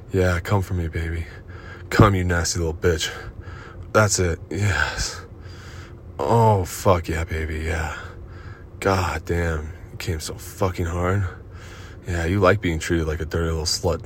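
A man performing an erotic audio role-play in a dominant, commanding and profane manner, with breathy moans between lines. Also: deep voice, level tone, measured pace, a little hiss or hum.

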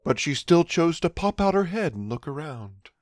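A man's voice: fairly high pitch, very animated, normal speed, dry recording, studio quality. A man narrating a comic adult storybook in a mock-innocent fairy-tale manner.

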